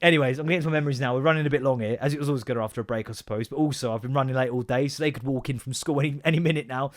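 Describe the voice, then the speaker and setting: A man's voice: medium pitch, rapid-fire. A man hosting a casual podcast, telling stories in an exasperated, sweary way. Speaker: podcast host. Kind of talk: casual solo podcast rant.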